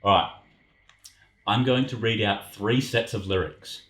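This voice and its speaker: A man's voice: fairly low pitch, measured pace, a bit bright, reverberant. A man co-hosting a podcast, running a quiz in casual banter, swearing freely and laughing often. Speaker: podcast co-host.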